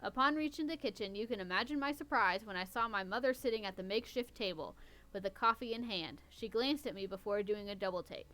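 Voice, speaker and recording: Quick and a bit bright, this medium-pitched female host reads a story casually. She interrupts herself with wry jabs at the writing, turning the reading into running commentary.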